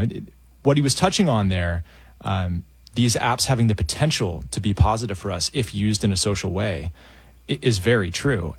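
A man's voice: fairly low pitch, breathy edge, dry recording. A man answering questions as a radio guest, earnest and thoughtful, sometimes stumbling on his first words. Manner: earnest, thoughtful, repeats words when starting. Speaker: guest, founder of a tech-addiction project.

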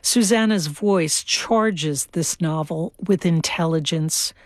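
A woman's voice: sits low, slow pace, no room sound. Lady reviewing novels on the radio, takes her time, close dry mic. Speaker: book critic.

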